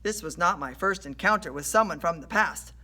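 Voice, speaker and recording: A woman reading a children's adventure story aloud in an animated storytelling way. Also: fairly low pitch, fairly quick. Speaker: storybook reader.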